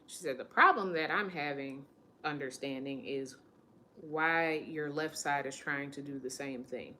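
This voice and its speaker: This woman in her late twenties has a deep voice with a pushed, bright quality, and she speaks at a measured pace over slight background noise. She's a vlogger sharing a personal story candidly and emotionally, often repeating what others told her.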